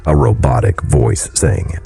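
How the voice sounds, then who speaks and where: A man narrating a horror story in a low, brooding delivery. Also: slow pace, creaky, warm tone, husky.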